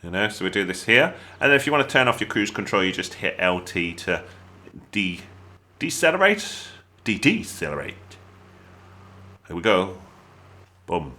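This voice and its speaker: Animated English man, bright voice. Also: sits low, normal speed. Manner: chatty, jokey, talks straight to viewers. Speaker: gaming channel host. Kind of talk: gameplay tutorial commentary.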